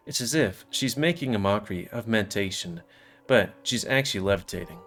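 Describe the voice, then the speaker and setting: A male let's player reads a visual novel in the first person with a low, expressive voice, speaking a little fast and tossing in casual asides. Soft music plays underneath.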